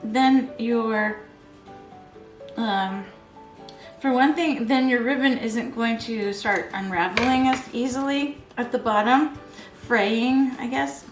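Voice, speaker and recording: A middle-aged woman vlogging casually as she crafts, chatty and rambling, quick to laugh at herself. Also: fairly high pitch. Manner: chatty, rambling, giggly self-deprecating. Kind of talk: casual chat while crafting. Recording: echoey room, faint background music.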